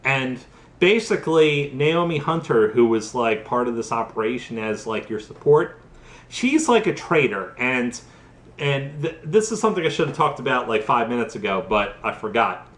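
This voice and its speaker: A man's voice: medium pitch, big pitch swings, moderate pace, fairly bright tone. Tipsy man rambling, echoey room. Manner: rambling, profane, lots of fillers. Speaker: host. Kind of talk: drunk casual game recap.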